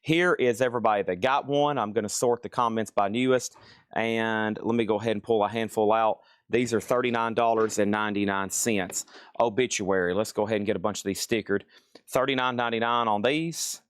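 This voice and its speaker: A middle-aged man hosting a live record sale stream, listing items and calling bids in a brisk, casual patter from a record store. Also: on the low side, steady tone, clean tone, no room sound, studio quality. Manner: brisk auctioneer-style listing, casual asides. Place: record store with crates and tables.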